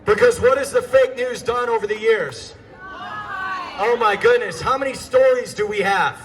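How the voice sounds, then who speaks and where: A man giving an impassioned speech to a crowd outdoors, fiery and sarcastic, often shouting through a megaphone. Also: extremely high pitch. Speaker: rally speaker. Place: outdoors at a street protest.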